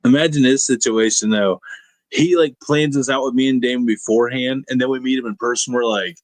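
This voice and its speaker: A man's voice: mid-range voice, a little fast, no room sound. Dry-voiced joking man co-host. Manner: teasing, joking, talks over others. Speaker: podcast co-host. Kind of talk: casual podcast banter.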